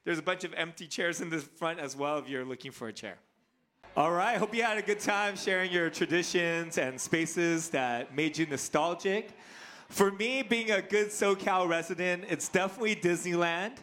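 Bright, high-voiced animated male preacher. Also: normal speed. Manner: animated, playful storyteller. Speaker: pastor. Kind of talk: sermon with personal storytelling.

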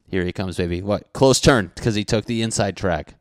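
A young man reacting to a dating show clip in crude, excitable commentary, often swearing and acting out what people are thinking. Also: fairly low pitch, normal speed, hardly any pauses, dry recording, clean studio sound. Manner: excitable, swearing, mock-narrating others' thoughts.

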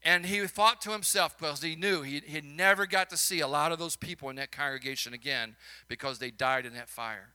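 A man with a Chicago accent preaches in a high, sharply bright voice. He tells stories from the pulpit and drives his points home with rising emphasis. Between those peaks he slips into easy, folksy asides. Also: brisk, smooth. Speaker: minister. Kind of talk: sermon.

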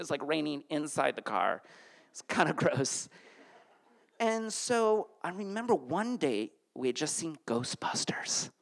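On stage, a gravelly-voiced man from Connecticut tells a funny personal story live, his pitch climbing and swooping widely. His delivery is animated, jumping up high whenever he describes a flustered moment.

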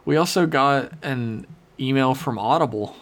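A man's voice: medium pitch, moderate pace. A man co-hosting a podcast in loose, laid-back casual chat, swearing freely. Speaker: podcast co-host.

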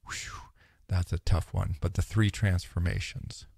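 A man with a gravelly, husky voice, pitched a little low, lecturing on philosophy. He muses aloud, restarts his sentences and slips into quoted asides. The sound is dry and close. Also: wildly swooping pitch, a little slow, darkish tone, no echo. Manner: thoughtful, musing, with frequent restarts and quoted asides. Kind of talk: informal lecture.

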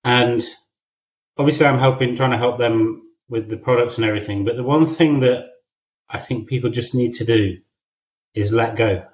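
Man, interview guest, halting, fillers, mid pitch, dull lo-fi audio. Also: steady tone. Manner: hesitant, halting with many fillers. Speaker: guest, business founder. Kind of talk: casual interview answers. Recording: dull lo-fi sound.

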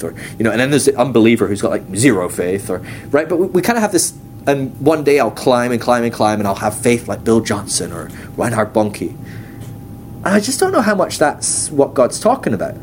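Chatty man teaching, lively pitch. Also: fast, slight background noise. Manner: chatty, uses many fillers and acts out quotes. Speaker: teacher at a ministry school. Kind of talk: casual teaching talk.

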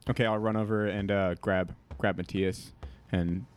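Lower-voiced man playing a tabletop game. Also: steady tone, a little hiss or hum. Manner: quick, casual declaring of actions. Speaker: player.

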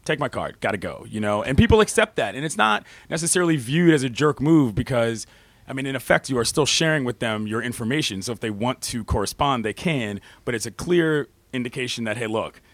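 A man chatting as a guest on a live stage show, relaxed and rambling. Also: medium pitch, brisk, dry recording. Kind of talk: casual on-stage conversation. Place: bookstore stage before an audience.

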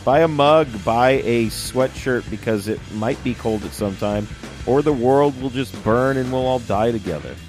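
A man's voice: medium pitch, moderate pace, a little mellow, faint music behind. A young man co-hosting a casual podcast chat, rambling with lots of fillers. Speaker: podcast co-host.

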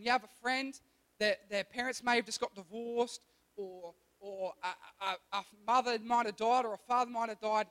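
A man preaches to young people. He speaks quickly and casually and slips into little acted voices for his examples. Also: very high-pitched. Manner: energetic, conversational, acts out quoted voices. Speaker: youth pastor. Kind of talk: sermon.

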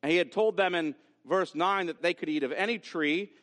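A pastor preaching an expository sermon, repeating key phrases with emphasis and reading scripture aloud. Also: male voice, high voice, moderate pace, a bit bright. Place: church sanctuary. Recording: long reverb from a large hall.

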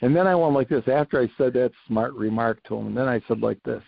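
A man's voice: medium pitch, fast, gravelly, no echo, narrow, tinny audio. An older man, a retired coach, telling stories animatedly in a casual interview, repeating phrases for emphasis. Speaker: retired coach, podcast guest.

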